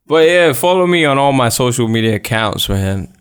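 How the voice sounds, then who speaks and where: A man's voice: medium pitch, clean tone. A man, hosting a solo podcast in a candid, rambling way. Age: 20s. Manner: candid, rambling, thinking aloud. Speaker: podcast host. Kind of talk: casual solo podcast chat.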